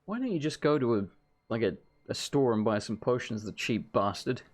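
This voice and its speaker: A man hosting a let's play, giving joking, chatty commentary and reacting loudly to the game. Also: mid-range voice, lively intonation, moderate pace. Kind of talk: gameplay commentary.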